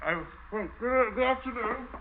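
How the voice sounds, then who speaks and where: A terrified captain stammers and trips over his words, his voice jumping in pitch. The sound is a dull old radio broadcast from the 1940s. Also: moderate pace, background noise. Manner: stammering, nervous. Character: frightened, stammering male captain forced into a crime.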